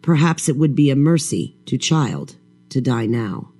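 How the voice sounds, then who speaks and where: A man reading a first-person horror story in a slow, measured, brooding way. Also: mid-range voice, animated, darkish tone. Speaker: audiobook narrator.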